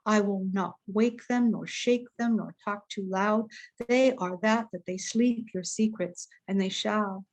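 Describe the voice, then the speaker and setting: A woman reciting her own spoken word poetry in a slow, meditative, hushed manner. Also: mid-range voice. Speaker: poet.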